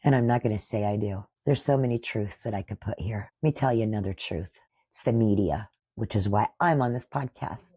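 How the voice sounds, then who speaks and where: Sixty-something woman podcaster ranting and scolding, husky voice, dry close sound. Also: a bass voice, brisk, warm tone, no room sound. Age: 60s. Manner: combative, scolding, addresses opponents directly. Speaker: podcast host. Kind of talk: political commentary monologue.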